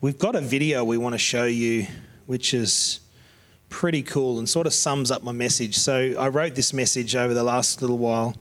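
A man's voice: mid-range voice, fairly even intonation, moderate pace. Man preaching, middle-aged, heartfelt and prayerful, homely country tone. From Australia. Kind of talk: sermon.

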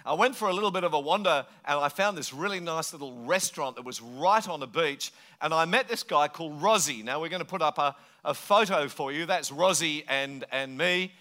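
Middle-aged man, pastor, animated storytelling sermon, bright voice. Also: a little high, brisk, hardly any pauses.

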